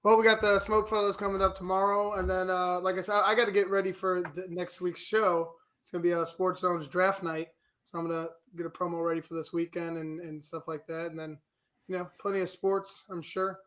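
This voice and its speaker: A male producer chiming in on a sports show, relaxed and rambling. His voice sits high, but its pitch barely moves. He fills his speech with "uh" as he goes along. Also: brisk. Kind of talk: casual sports show chat.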